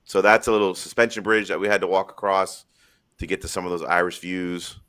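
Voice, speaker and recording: A lower-pitched man hosting a live stream and talking casually. He rambles through his stories bluntly and swears freely, in an easygoing, unscripted chat. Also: steady tone, fairly quick, sharp tone. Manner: blunt, profane, rambling storyteller.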